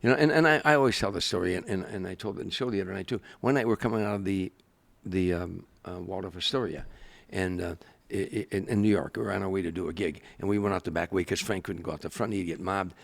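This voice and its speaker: An older comedian telling stories in an interview, animated and acting out the people he quotes. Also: low-pitched, fast talker, gravelly, hardly any pauses. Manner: animated storyteller, acts out quoted voices. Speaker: guest, comedian. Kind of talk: storytelling interview.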